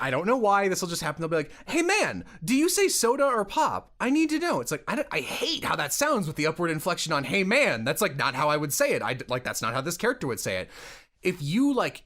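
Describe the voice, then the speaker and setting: A young man co-hosting a casual podcast, giving blunt voice-acting advice and repeating words as he speaks. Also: a little high. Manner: blunt, animated, repeats words when excited. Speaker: podcast co-host and voice director.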